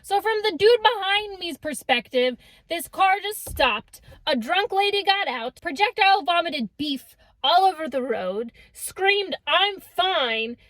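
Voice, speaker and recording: A woman's voice: very high-pitched, expressive, unhurried, hardly any pauses, fairly bright tone, no echo. A young woman telling a comedic storytime with sarcastic, dramatic delivery. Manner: sarcastic, dramatic quoted voices.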